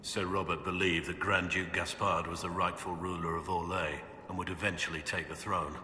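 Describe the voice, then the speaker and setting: A gruff, deep-voiced guilty warrior. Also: male voice, level tone, moderate pace, pushed and bright, roomy sound, in a large hall. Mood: flat confession. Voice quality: deep gravelly voice. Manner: grave, heavy, self-condemning. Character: gruff guilt-ridden male warrior confessing. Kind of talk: video game dialogue.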